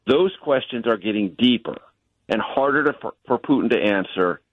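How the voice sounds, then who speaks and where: A man's voice: medium pitch, animated, no echo. Man analyzing the news over a phone line. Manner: measured, analytical, stresses key words. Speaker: chief Washington correspondent, guest. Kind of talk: radio news interview. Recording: tinny dry phone line.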